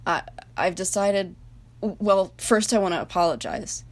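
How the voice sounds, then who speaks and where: Woman voicing a gentle, remorseful male nation figure. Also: mid-range voice, normal speed, lightly acted. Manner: soft, hesitant, apologetic.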